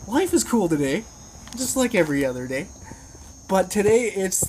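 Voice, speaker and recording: A woman on a motorcycle trip, chatting in a casual video diary, excitable and incredulous, swearing freely. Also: mid-range voice, moderate pace, pauses often, background noise. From Canada. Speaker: motorcycle travel vlogger.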